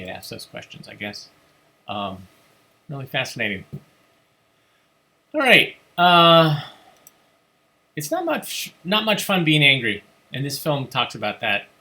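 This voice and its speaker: A man's voice: fairly low pitch, bright, forceful tone, a little hiss or hum. A man hosting a casual livestream, musing aloud with many ums. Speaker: host.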